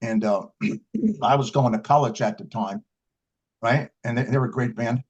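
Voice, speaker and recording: An older man speaks in an easygoing, rambling storytelling manner, doubling back on his words and filling pauses with ums and uhs. His voice sits at an ordinary middle pitch. The recording sounds a little dull and lo-fi. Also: darkish tone. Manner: rambling storyteller with many restarts and fillers. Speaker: interviewed blues harmonica player. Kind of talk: casual interview.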